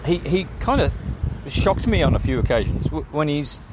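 A man's voice: fairly high pitch, sing-song, normal speed. A man chatting casually and laid-back about a film while walking outdoors, swearing now and then. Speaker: film discussion co-host. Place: city street outdoors. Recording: street noise from passing traffic. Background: traffic noise.

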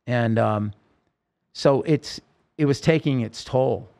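A man with a gravelly, creaky edge to his voice tells a story as a podcast guest. He speaks in halting bursts, restarting and correcting himself often. His pitch sits in an ordinary middle range. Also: a little mellow. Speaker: interview guest. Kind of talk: emotional personal storytelling.

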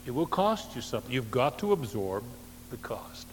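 Pastor guy preaching, punchy then quiet, dry jokes, church reverb, faint hum. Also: very animated, normal speed. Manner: emphatic preaching, swinging between loud stresses and soft low phrases; dry humorous asides. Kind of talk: sermon. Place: church sanctuary.

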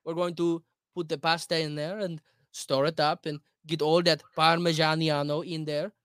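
A young man putting on a mock Italian American accent as a loud, brash male home cook with a hammy, repetitive delivery. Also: fairly high pitch, little pitch movement, normal speed, clear, resonant tone, no echo, clean studio sound, close to an everyday voice.

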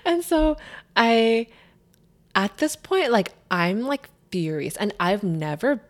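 A woman's voice: fairly high pitch, expressive, slow. A young woman telling a story in casual chat, rambling with many filler words.

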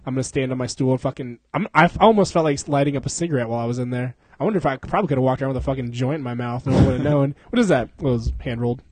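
A man's voice: medium pitch, rapid-fire, few pauses, a little mellow, no echo. A young man co-hosting a podcast in casual chat, rambling and profane, laughing often and slipping into silly voices. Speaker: podcast co-host.

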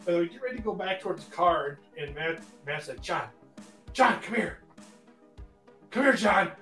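A man's voice: high-pitched, animated, moderate pace, fairly bright tone, distant mic. A man telling a funny story in casual chat, often breaking into laughter. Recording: roomy echo with faint music.

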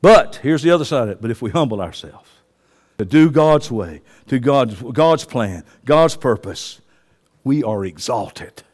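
A man, preaching a passionate sermon that swings from quiet asides to shouting. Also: mid-range voice, expressive, moderate pace. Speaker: pastor. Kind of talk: fiery sermon. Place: church sanctuary. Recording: long reverb of a church hall.

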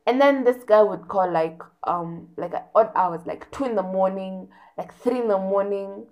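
A young woman telling a story in a casual, animated rant, repeating words for emphasis. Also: mid-range voice, normal speed.

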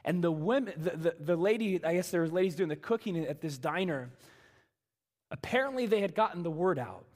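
A male pastor preaching a sermon, telling a story with animated delivery that swings from hushed to loud and emphatic. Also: a little high, a little fast. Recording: reverberant church hall.

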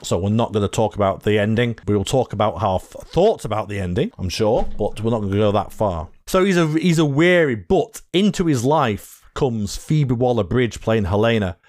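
A man's voice: on the low side, animated, normal speed, hardly any pauses, darkish tone, dry recording. A British man co-hosting a podcast, chatting casually about films, swearing freely and rambling with restarts. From Britain. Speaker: podcast co-host. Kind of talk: casual film chat.

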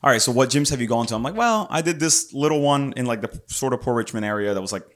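A man's voice: medium pitch, expressive, fast talker. A man hosting an interview, blunt and swearing casually. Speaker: podcast host.

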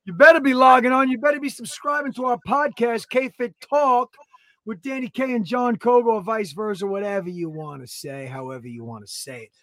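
A man in his thirties co-hosting a podcast, talking loudly in an excitable, joking and profane way. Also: high-pitched, normal speed, no room sound. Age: 30s. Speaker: podcast co-host. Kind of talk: casual podcast banter.

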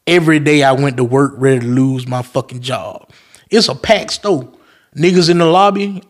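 Young guy hosting a podcast, cussing a lot while he tells a story, voice sits a bit high. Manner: profane, animated storytelling with acted-out quotes. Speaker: podcast host. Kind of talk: casual storytelling monologue.

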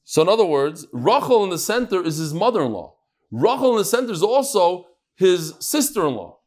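Animated man teaching Talmud. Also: high-pitched, fairly quick. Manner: mixes Yiddish-Hebrew terms into English, acts out dialogue.

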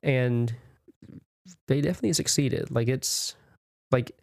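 A chatty man on a podcast, rambling through his points with plenty of filler words. His voice is smooth and resonant, recorded close and dry with no room sound. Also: medium pitch, unhurried, darkish tone, no echo. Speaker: podcast co-host. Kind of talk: casual chat.

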